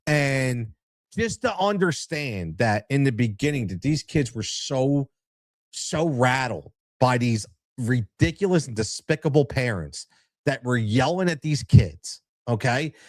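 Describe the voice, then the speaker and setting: A man's voice: mid-range voice, animated, measured pace, no echo, studio quality. A man hosting a podcast, telling a story in a casual, emotional way and often tossing in "man" and "right?". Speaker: podcast host.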